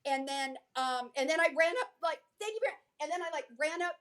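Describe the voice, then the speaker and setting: Older lady guest, high voice, chatty and animated storytelling. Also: a little fast. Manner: animated and chatty, acts out quotes. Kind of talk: casual storytelling.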